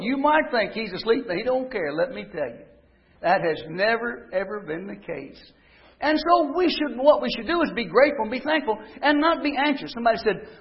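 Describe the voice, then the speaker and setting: A man preaching a sermon, telling stories and rising to emphatic declarations. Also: very high voice. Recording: dull lo-fi recording.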